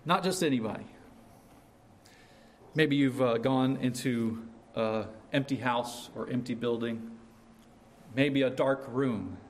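A man preaching a sermon in a slow, earnest way, rising sharply on his questions. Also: mid-range voice.

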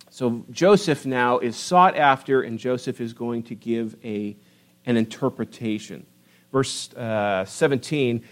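A middle-aged man preaching a sermon, lively and emphatic, reading scripture and pressing home his points. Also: mid-range voice. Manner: animated preaching, rising to emphatic peaks. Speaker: pastor.

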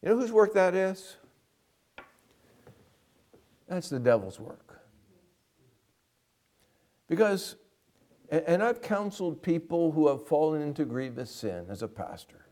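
Animated, earnest male pastor preaching. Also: fairly high pitch, measured pace, pauses often. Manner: earnest, emphatic preaching with direct questions to the congregation. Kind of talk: sermon.

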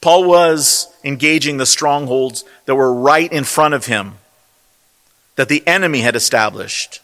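Man preaching slow and emphatic, bright high voice, big echoey convention hall. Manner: emphatic, rhetorical, punches single words. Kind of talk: sermon. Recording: long hall reverb.

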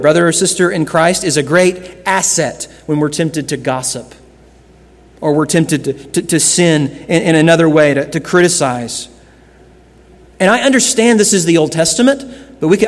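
A man preaching a sermon as pastor, earnest, shifting between loud emphasis and hushed lines. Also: on the high side, long reverb tail.

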